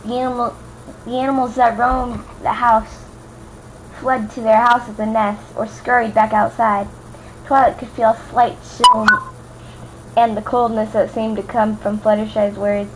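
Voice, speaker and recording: A young woman from Louisiana reads fan fiction aloud in a casual, unpolished way, her voice sitting a little high. She trips over words, repeats them until they come out right, and drops in offhand comments. A faint hiss runs underneath. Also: little pitch movement, unhurried, low-quality recording. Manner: stumbling, rereading lines, chatty asides. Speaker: amateur reader.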